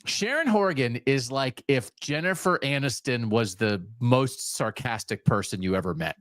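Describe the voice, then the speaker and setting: A man's voice: medium pitch, lively intonation, normal speed, a bit bright, dry recording, studio quality. A man co-hosting a podcast, chatting casually and enthusiastically, with hedging asides. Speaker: podcast co-host. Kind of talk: casual chat.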